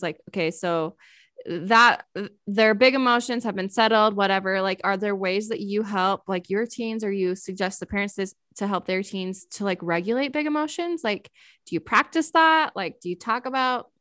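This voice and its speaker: A woman's voice: medium pitch, normal speed, a bit bright, no room sound, clean studio sound. A woman hosting a conversation, talking in a casual, enthusiastic way with many "like" fillers. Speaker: podcast host.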